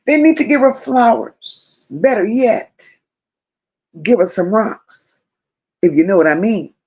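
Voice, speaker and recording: A woman's voice: on the high side, lively intonation, a little slow, darkish tone, breathy edge, muffled recording. A woman hosting a live stream, reading viewer comments and reacting with emphatic repetition. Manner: emphatic, repeats phrases, chats to viewers by name. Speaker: host reading live chat.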